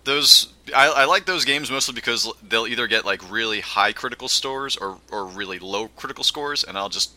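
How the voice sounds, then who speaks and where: Bright-voiced man in casual chat. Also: mid-range voice, moderate pace, few pauses. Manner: laid-back, laughs often, swears casually.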